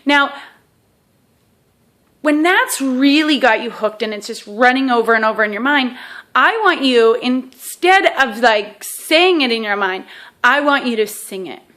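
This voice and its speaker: A woman's voice: fairly high pitch, animated, measured pace, a bit bright. A woman teaching a self-help exercise to camera in a casual, chatty way, often checking in with "okay?" and joking at her own expense. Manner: self-deprecating humor.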